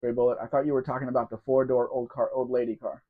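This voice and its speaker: A man's voice: mid-range voice, little pitch movement, fast talker. Male stream host with a sore throat, casual and rambling, reads out viewer comments, muffled lo-fi sound. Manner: chatty and rambling, addressing viewers by name. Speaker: live Q&A host. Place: at home in a room. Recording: dull lo-fi stream audio.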